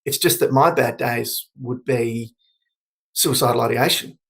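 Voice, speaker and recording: Man, 40s, suicide prevention speaker; earnest, reflective, slightly gravelly, mid-pitched. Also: fairly even intonation, a bit bright. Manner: reflective, earnest, halting with restarts. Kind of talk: candid personal testimony.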